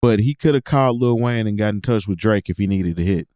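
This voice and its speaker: A man's voice: on the low side, fast talker, mellow, clean tone, no room sound, studio quality. A man co-hosting a hip hop podcast, giving mock-stern, opinionated rants in casual chat. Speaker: podcast co-host.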